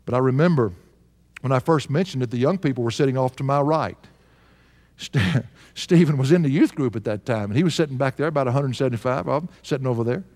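A man's voice: medium pitch, fast, a little mellow. A man in his sixties preaching a sermon, telling a story and chuckling now and then with earnest emphasis. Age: 60s. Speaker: pastor. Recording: long hall reverb.

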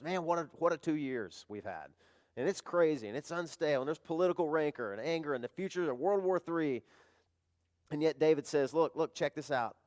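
A man preaching a sermon in a conversational, emotional way, building to fervent emphasis. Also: medium pitch. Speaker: pastor.

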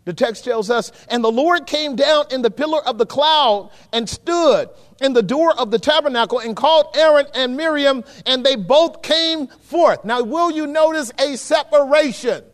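A man preaching a sermon as pastor, swinging from hushed asides to shouts and calling on the congregation. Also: very high voice, moderate pace, hardly any pauses. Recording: long hall reverb.

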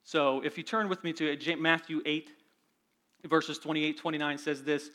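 A male pastor delivering a sermon in a higher, bright, forceful voice. He reads scripture with rising emphasis and talks straight to the congregation. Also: steady tone, normal speed.

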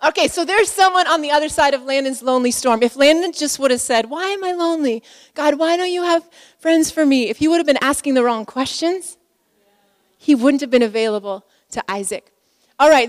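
A woman in her forties delivers a sermon in a warm, chatty way, full of fillers and stories. Her voice sits a bit high. It carries a long reverb from a big hall. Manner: conversational, emotional, many fillers. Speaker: pastor's wife speaking at a conference.

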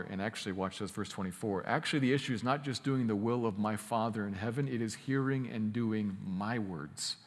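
A man preaching a sermon, emphatic, slowing down to stress key phrases and speeding through quick asides. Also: fairly low pitch, big-room sound. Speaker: pastor.

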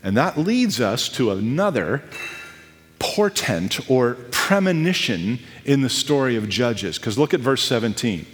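A man in his thirties preaching a sermon, telling stories in a conversational, animated way with asides. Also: mid-range voice, a little slow. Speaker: pastor. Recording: echoey hall with long reverb.

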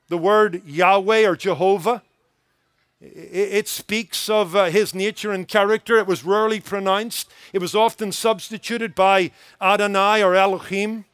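A man's voice: high-pitched, a bit bright, clear, resonant tone, dry recording. A man preaching a sermon as pastor, earnest and emphatic, building points through rhythmic repetition.

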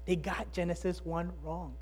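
A preacher delivering a sermon, emphatic and full of rhetorical questions, swinging between loud and hushed delivery. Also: medium pitch, level tone, moderate pace, a little hiss or hum.

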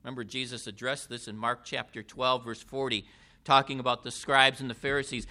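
A man preaching a sermon in a deliberate way, with emphatic rises and falls. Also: mid-range voice, level tone, pushed and bright.

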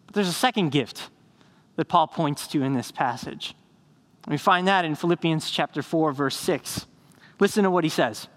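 A man preaching a sermon as a pastor, earnest, telling stories with rising excitement and dropping to hushed, slow emphasis. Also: a little high. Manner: earnest, builds to excited storytelling then slows to hushed emphasis.

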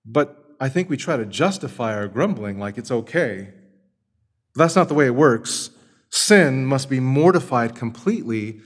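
A man's voice: mid-range voice, expressive, moderate pace. Emphatic preacher man. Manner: emphatic, building to forceful lists. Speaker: pastor. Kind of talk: sermon.

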